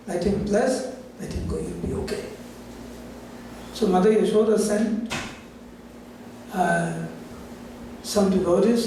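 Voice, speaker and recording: Guy telling a devotional story real slow in a temple, high voice, lifts it even more for the characters, echoey hall, sounds far off. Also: a little hiss or hum. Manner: acts out the characters' lines in a raised voice. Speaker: temple class speaker.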